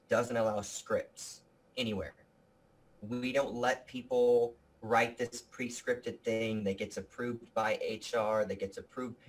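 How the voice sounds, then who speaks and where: A man being interviewed about his video production company, talking with energy and earnestness, often restarting his sentences. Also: medium pitch. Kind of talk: casual interview talk.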